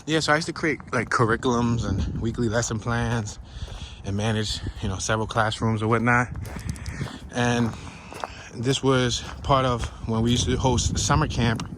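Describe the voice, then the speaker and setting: A man casually narrating his hike on a wooded marsh trail outdoors, playful and excitable, whooping and laughing as he walks. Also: mid-range voice, moderate pace, background noise. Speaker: vlogger narrating a hiking walk. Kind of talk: casual walk-and-talk narration.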